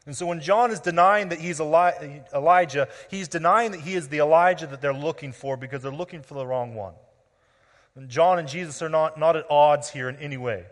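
In a sermon recorded in a big, reverberant hall, a pastor with a slightly high voice explains scripture at a fairly quick pace. He often starts over by repeating words.

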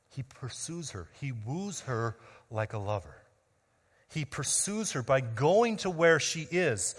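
Man preaching emphatically in a reverberant hall. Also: on the high side. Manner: emphatic preaching with rhetorical questions, swinging between loud and quiet. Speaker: pastor. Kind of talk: sermon. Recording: long reverb of a large hall.

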